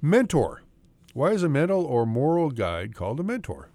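A man's voice: medium pitch, wildly swooping pitch, normal speed, mellow, no room sound. A middle-aged man hosting a morning radio interview, joking and teasing his guest and laughing often. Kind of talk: casual on-air interview.

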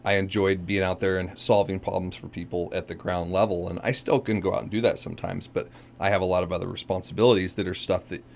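A deep-voiced man chats as a guest in a radio studio, rambling, stopping and correcting himself as he works through his answers. A faint hum of ambience sits behind him. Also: fairly even intonation, gravelly. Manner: rambling, halting, self-correcting. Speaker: undersheriff guest. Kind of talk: casual radio interview.

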